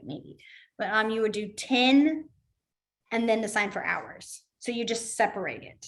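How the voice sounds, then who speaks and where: A young adult woman teaching a beginners' sign language class, explaining hand movements in a chatty way with quick asides. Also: on the high side, fairly bright tone. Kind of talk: casual online class instruction.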